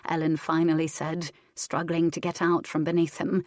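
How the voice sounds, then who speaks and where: A woman reads a historical romance aloud in a steady, measured voice. Her tone sits low, and the recording is dry and close, with no room sound. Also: no echo. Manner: steady, even reading. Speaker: audiobook narrator. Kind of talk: scripted narration.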